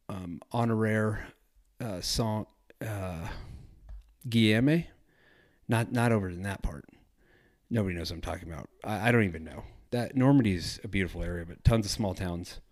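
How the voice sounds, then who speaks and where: A man hosting a travel podcast, chatting casually in a rambling, self-correcting way. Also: fairly low pitch. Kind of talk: casual solo podcast talk.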